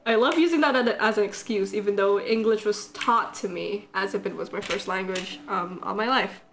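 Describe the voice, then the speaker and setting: A woman's voice: mid-range voice, normal speed, faint music behind. A young woman streaming live, chatting casually and rambling while she draws, answering chat and laughing often. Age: young adult.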